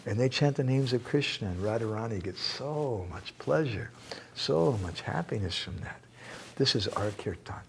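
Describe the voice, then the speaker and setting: A man giving a spiritual lecture and answering questions, animated and joking, reciting verses. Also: medium pitch, normal speed, gravelly, a little hiss or hum. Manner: animated, quotes verses, jokes and laughs. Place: temple hall.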